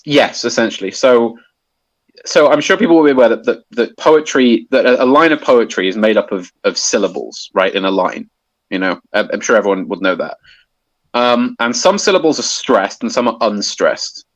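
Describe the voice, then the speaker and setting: A man's voice: mid-range voice, expressive, moderate pace, dry recording, lo-fi sound. A man explaining a topic in casual conversation, hesitant with many restarts and fillers. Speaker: guest explaining poetry.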